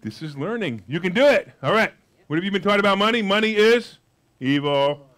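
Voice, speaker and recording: A man giving a live motivational money seminar, brash and jokey, with loud outbursts and quiet asides. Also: high voice, lively intonation, fast. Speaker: seminar speaker.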